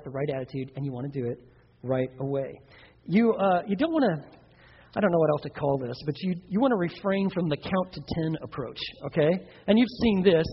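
A man preaching a sermon on parenting, animated, acting out children and parents in playful voices. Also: a little high, slightly rough. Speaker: pastor. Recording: dull sound with long hall reverb.

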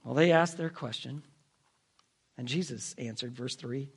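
A man preaching a storytelling sermon, dramatic, swinging between hushed, drawn-out phrases and emphatic bursts. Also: medium pitch, vocal fry, slightly rough.

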